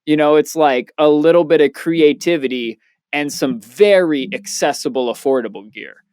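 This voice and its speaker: A young man co-hosting a podcast in casual chat, telling stories loosely and excitedly with plenty of swearing. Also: fairly high pitch, normal speed, clear, resonant tone, no echo, studio quality. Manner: loose, profane, excitable storyteller. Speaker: podcast co-host, DJ.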